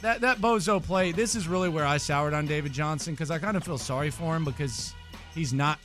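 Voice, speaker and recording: A man co-hosting a sports talk radio show, ranting with animated exasperation. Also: on the high side, fairly quick, soft background music.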